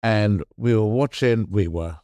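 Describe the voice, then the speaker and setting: A middle-aged man in casual chat as a podcast co-host, earnest and halting, often restarting his sentences. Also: fairly low pitch, darkish tone, dry recording.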